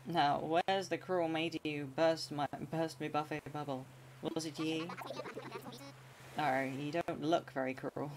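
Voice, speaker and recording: A woman's voice: sits low, steady tone, takes it slowly, sharp tone, a little hiss or hum, heavily acted. A woman streamer voicing a bumbling, boastful male seagull pirate with a hammy pirate accent, reading game dialogue aloud.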